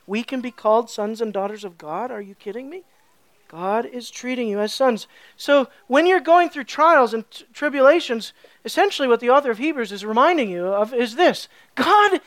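A pastor preaching a sermon with an emphatic, questioning style. The delivery drops to hushed tones and then rises to forceful ones. The sound is dry and close, with a voice of middling pitch. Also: no room sound.

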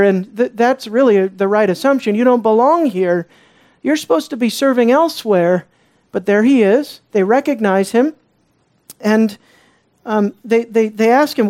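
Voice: medium pitch, unhurried, a little mellow. A Bible teacher giving an expository sermon in a conversational way, often turning to the listeners with rhetorical questions.

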